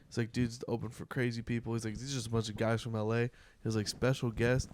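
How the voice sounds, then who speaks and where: A man co-hosting a podcast, telling an excited, profane story in casual chat. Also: medium pitch, quick pace, a little hiss or hum. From California. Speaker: podcast co-host.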